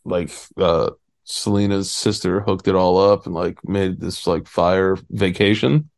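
A man's voice: low voice, unhurried, vocal fry, a little mellow. A young man co-hosting a podcast from a cabin, chatting casually in a rambling, laid-back way full of fillers. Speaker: podcast co-host. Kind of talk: casual chat. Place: rented cabin, indoors.

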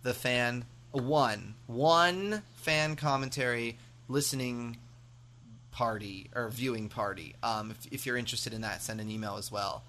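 A man's voice: mid-range voice, measured pace, bright, forceful tone, slight background noise. A man hosting a podcast, chatting casually and rambling with lots of fillers. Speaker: podcast host.

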